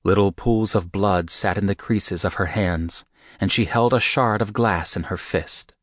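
A man giving a measured, steady first-person audiobook narration. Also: on the low side, no echo, studio quality.

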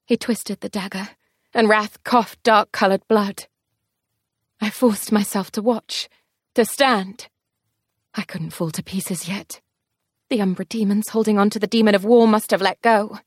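A woman reads a first-person fantasy story aloud in an even mid-range voice. Her telling is expressive, speeding and slowing with the action, and the sound is close and dry with no room around it. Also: mid-range voice, dry recording. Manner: expressive, tense storytelling pace shifts. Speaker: audiobook narrator.

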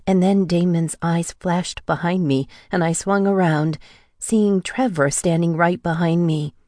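Low-voiced woman narrating a tense thriller. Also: steady tone, unhurried, a little mellow, dry recording, studio quality. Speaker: audiobook narrator. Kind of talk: first-person thriller audiobook narration.

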